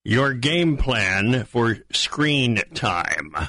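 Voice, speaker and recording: Male radio host, bright tone, brisk, friendly, dry sound. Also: mid-range voice, lively intonation, no room sound. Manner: brisk, friendly topic-reading. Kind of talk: radio interview.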